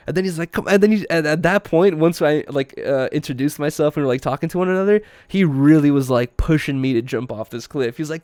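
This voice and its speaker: A man's voice: on the high side, rapid-fire, few pauses, darkish tone, dry recording, studio quality. A young man hosting a podcast, telling a story in a laid-back, slangy way with lots of fillers. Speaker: podcast host. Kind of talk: casual chat.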